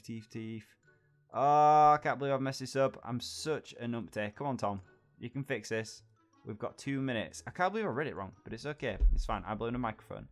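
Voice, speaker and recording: A British man hosting his gaming channel, chatting casually and mocking himself as he thinks aloud while building. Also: mid-range voice. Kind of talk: casual gameplay commentary.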